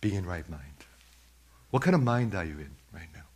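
A man's voice: low voice, sing-song, moderate pace, a little mellow, slightly rough. A man preaching a sermon who questions his listeners directly and repeats his points for emphasis.

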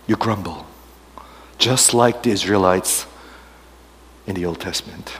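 A man's voice: on the low side, a little slow, pauses often. Man preaching in an echoing hall. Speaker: pastor. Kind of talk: sermon.

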